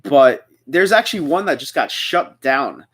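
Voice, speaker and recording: A man's voice: a little high, lively intonation, measured pace, a bit bright, breathy edge. Chatty young man reading out live chat. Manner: chatty, rambling, reads chat aloud. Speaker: livestream host.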